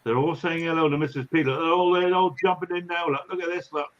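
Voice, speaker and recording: A man hosting a casual livestream chat, chatty and quick to laugh as he greets viewers. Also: fairly high pitch, steady tone. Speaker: livestream host. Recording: lo-fi dull audio.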